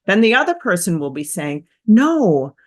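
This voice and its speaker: A woman therapist hosting a motivational self-help talk, energetic and emphatic, with repetitive phrasing. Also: on the low side, measured pace. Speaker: therapist and host.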